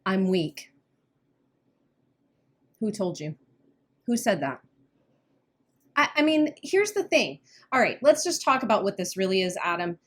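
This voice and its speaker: A woman's voice: medium pitch, big pitch swings. A woman co-hosting a podcast as a weight-loss coach, talking earnestly in casual chat and often laughing nervously. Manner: earnest, laughs when uneasy, quick bursts.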